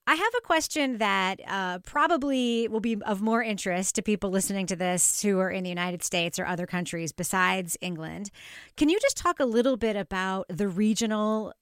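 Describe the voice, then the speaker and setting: Smooth, dry-voiced woman interviewer. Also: mid-range voice, normal speed, fairly bright tone, no echo. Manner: curious, inquisitive. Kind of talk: interview questions.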